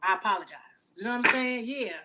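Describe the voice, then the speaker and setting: A woman's voice: a little high, a little fast, very noisy. A woman giving a casual tarot reading to camera, talking in blunt, slangy, profane chatter into the camera mic. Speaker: tarot reader.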